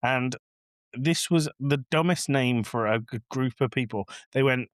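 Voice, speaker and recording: A man's voice: mid-range voice, a little slow, dry recording, studio quality. A man co-hosting a podcast, ranting in a casual, exasperated way and acting out scenes. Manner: exasperated, ranting, acts out lines from the film. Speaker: podcast co-host. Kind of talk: casual film review chat.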